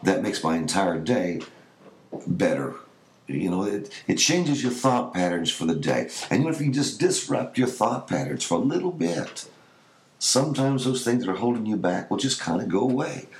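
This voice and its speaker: A man's voice: on the low side, big pitch swings, normal speed. A man hosting his own podcast, talking in an earnest, encouraging, rambling way with restarts. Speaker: podcast host. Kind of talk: casual podcast monologue. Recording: echoey room with faint noise.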